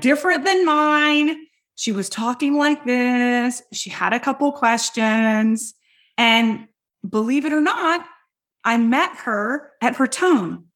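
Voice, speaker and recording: Woman, high voice, loud and hypey, energetic coaching talk, emphatic. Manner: talks straight to listeners with frequent checks like "right?" and "okay?". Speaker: business coach and podcast host.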